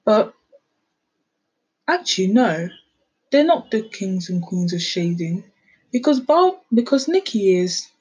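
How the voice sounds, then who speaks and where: Sassy young woman, husky voice. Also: mid-range voice, sing-song, slow pace, long pauses, a little mellow, poor audio. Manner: sassy, opinionated, chatty. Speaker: podcast host. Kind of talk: casual reaction chat.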